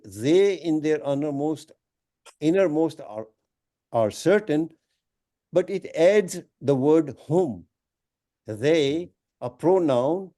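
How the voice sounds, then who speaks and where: A man teaching a Quran study class at an Islamic center, explaining the grammar of the Arabic verses in a measured, deliberate lecture with emphatic phrases. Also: fairly high pitch, dark tone.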